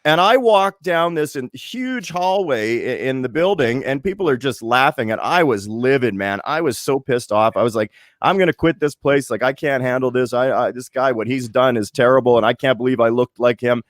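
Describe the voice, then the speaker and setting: A man from Winnipeg in his late forties, co-hosting a podcast and telling a story in lively casual chat, acting out the voices as he goes. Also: mid-range voice, moderate pace, few pauses, no room sound, studio quality. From Winnipeg, Canada. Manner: animated storyteller, restarts and acts out voices. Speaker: podcast co-host.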